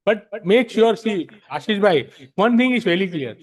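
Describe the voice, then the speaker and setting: A man's voice: high voice, expressive, normal speed. A man with an Indian English accent explaining rules to a study-circle audience, frank and emphatic, switching between English and Hindi. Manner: frank, emphatic, repeats himself. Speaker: speaker at a tax practitioners' study circle. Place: library meeting room.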